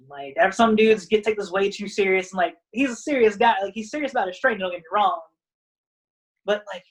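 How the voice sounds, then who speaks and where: A woman wrestler talking as a podcast guest in a casual, rambling way, full of "like" fillers, who acts out other people's lines in animated voices. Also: medium pitch, low-quality recording.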